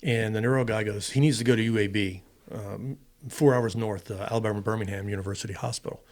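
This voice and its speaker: The voice is fairly low, steady and darkish, delivered at a quick pace. It belongs to a middle-aged retired fighter pilot from the United States, a podcast guest casually recounting a lengthy personal story in an interview and performing both roles in the exchange.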